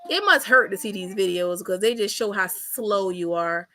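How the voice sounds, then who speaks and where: A woman's voice: medium pitch, moderate pace, pushed and bright. A woman hosting a reaction commentary, blunt, mocking and sassy as she replays clips. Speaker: commentary channel host.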